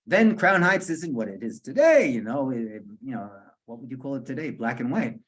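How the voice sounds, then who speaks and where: A man's voice: medium pitch, sing-song, fairly quick. A man, a rabbi, telling a story to a small group in a chatty way, chuckling often and repeating words as he searches for them.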